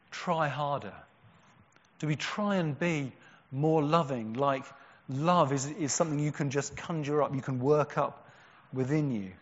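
A man preaching a sermon, earnest, with strong emphatic peaks and quiet, slow, drawn-out words. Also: medium pitch. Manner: earnest, rising to emphatic cries and dropping to hushed, slow stresses. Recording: dull sound with a long hall echo.

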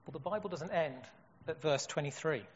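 A man's voice: on the high side, a little fast, a little hiss or hum. A man preaching a sermon in an earnest way, asking rhetorical questions. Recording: dull echoey hall.

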